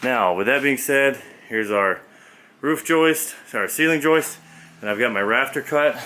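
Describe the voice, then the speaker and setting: On a windy outdoor construction site, a man with a medium-pitched, pushed and bright voice talks a little slowly, walking through his building work. He explains each step in a loose, folksy way, captured on the camera's built-in mic with wind noise.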